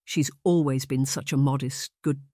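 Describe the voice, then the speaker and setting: A narrator voicing a gentle, hesitant older vicar in a period audiobook. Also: mid-range voice, fairly even intonation, moderate pace, dry recording, clean studio sound, natural voice. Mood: dismayed. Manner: hesitant, mild, mournful. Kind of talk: audiobook character voice.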